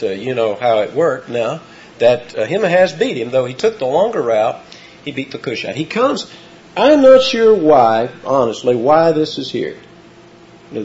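A man's voice: mid-range voice, a little mellow, slight background noise. A man preaching an expository sermon, telling the story with animation and acting out the quotes. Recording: dull lo-fi recording.

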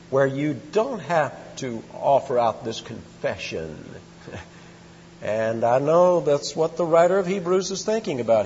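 A man's voice: medium pitch, a little hiss or hum. A man teaching a Bible study in a conversational, emphatic way, quizzing his listeners and reading scripture aloud. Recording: muffled echoey hall recording.

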